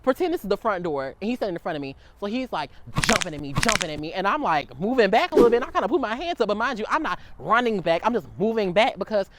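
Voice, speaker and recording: A young man telling a storytime about a fight in a profane, sassy, animated rant. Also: high-pitched, fast talker, hardly any pauses, a little hiss or hum, poor audio. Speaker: storytime vlogger.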